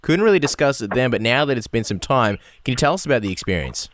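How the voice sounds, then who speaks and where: A man hosting a radio interview, quick and jokey with his guest. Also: mid-range voice, sing-song, a bit bright, no room sound. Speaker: radio show host.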